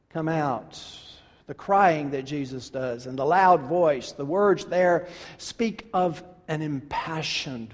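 A male pastor preaching with a fairly high voice that swings from hushed, slow phrases to loud, emphatic calls. His words ring out through a church with a long, lingering reverb. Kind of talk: sermon.

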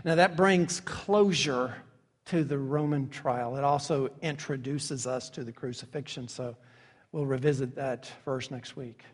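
A man preaching a sermon as pastor, dramatic and emphatic, dropping to hushed asides and acting out quoted figures with sarcasm. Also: medium pitch, measured pace. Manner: acts out quoted figures with sarcastic mock voices. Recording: long hall reverb.

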